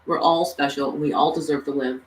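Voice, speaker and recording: A woman quoting a gentle, remorseful man from a cartoon in her own quiet, earnest voice. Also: low-pitched, steady tone, a little fast, slight background noise, lightly acted. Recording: echoey room, distant mic.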